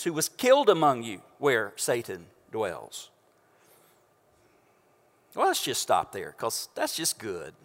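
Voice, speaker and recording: A pastor preaching a sermon from a church stage into a microphone, conversational and joking with the congregation. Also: male voice, a little high, a bit bright. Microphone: stage microphone through house speakers. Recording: long church reverb.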